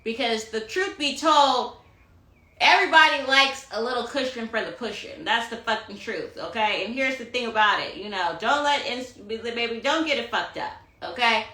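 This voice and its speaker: A woman's voice: a little high, lively intonation, moderate pace, sharp tone, roomy sound. A woman giving a tarot reading on a phone live stream, sassy and profane, preaching self-love and calling her listeners honey. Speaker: tarot reader. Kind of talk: Instagram live astrology rant.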